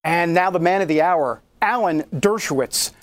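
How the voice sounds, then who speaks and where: A man's voice: fairly high pitch, expressive, moderate pace, loud music behind the voice. A man hosting a broadcast talk show, joking playfully as he hypes each segment.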